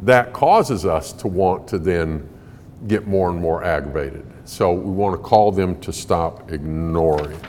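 A man's voice: deep voice, measured pace, darkish tone, slight background noise. A man answering parenting questions before a live audience, folksy and emphatic, laughing often. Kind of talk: conversational Q&A talk to a live audience. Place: large hall in a building. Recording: long hall reverb.

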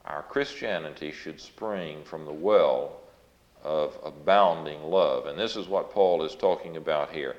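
Deep-voiced preacher in a roomy hall. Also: male voice, measured pace. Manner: earnest, explanatory, reads scripture aloud with emphasis. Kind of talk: Bible study sermon. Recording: roomy, dull lo-fi recording.

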